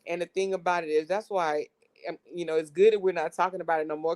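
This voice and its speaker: A woman's voice: on the low side, quick pace, a little mellow. A woman giving casual commentary to her viewers, breaking into fits of laughter. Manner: laughing fits, slangy, addresses viewers as y'all. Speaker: commentary vlogger.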